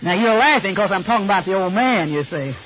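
A man's voice: sits high, expressive, fast. An older man preaching a sermon, telling folksy, joking stories. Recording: slightly muffled recording with faint hiss.

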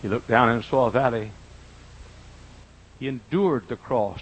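Husky older preacher, quiet to booming. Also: male voice, low-quality recording. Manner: folksy preaching, swings from quiet to loud and drawn-out. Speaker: pastor. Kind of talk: sermon. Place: church auditorium.

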